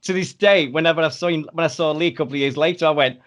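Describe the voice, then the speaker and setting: Animated man telling stories. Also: on the high side, very fast, few pauses. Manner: animated storyteller. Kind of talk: casual anecdote chat.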